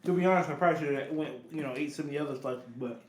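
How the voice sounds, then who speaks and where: Laid-back joking guy on a podcast, slangy, highish voice, echoey room. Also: very fast. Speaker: podcast co-host. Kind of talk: casual chat.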